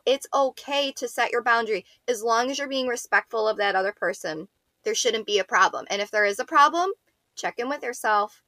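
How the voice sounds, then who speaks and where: Bright frank woman from Buffalo, podcast co-host. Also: on the high side, lively intonation, fairly quick, no room sound. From Buffalo, New York. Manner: frank, swears freely. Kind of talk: casual chat.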